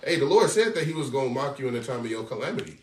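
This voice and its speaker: Guy preaching loud and animated, slangy, sounds far from the mic in an echoey room. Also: mid-range voice, very fast, slight background noise. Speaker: street preacher. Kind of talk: sermon commentary on scripture.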